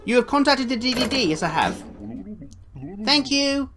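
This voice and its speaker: Lively woman gaming YouTuber. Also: high-pitched, moderate pace, noisy background. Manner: chatty, swaps into put-on voices for visitors. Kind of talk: playful gameplay commentary.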